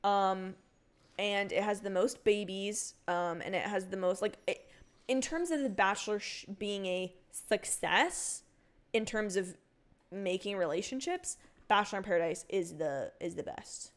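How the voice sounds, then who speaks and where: A young woman streaming a cozy video game, chatting casually with her viewers, rambling with lots of fillers and breaking into excited outbursts. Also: mid-range voice, measured pace. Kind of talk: casual livestream chat while gaming.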